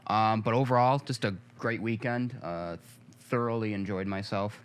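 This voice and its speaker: A man co-hosting a casual talk show, relaxed and easygoing with a dry touch. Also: lowish voice, normal speed, clean tone. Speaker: co-host. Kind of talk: casual chat.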